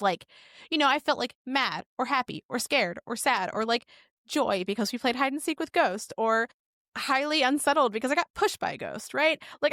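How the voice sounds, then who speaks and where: A woman's voice: on the high side, a bit bright, no room sound, studio quality. A woman co-hosting a casual podcast, telling stories with lots of swearing and acted-out quotes. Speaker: podcast co-host.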